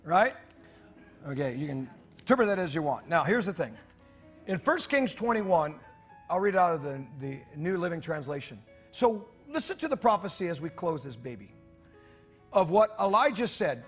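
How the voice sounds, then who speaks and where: High-voiced animated male preacher. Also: normal speed, soft background music. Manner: animated preaching, jokes and asides to the congregation. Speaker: pastor. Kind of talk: sermon.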